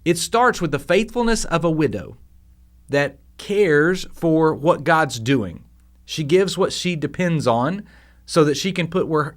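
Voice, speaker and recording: A man hosting a devotional podcast, teaching scripture in a casual, animated way with frequent restarts. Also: on the high side. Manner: conversational, animated, with fillers and restarts.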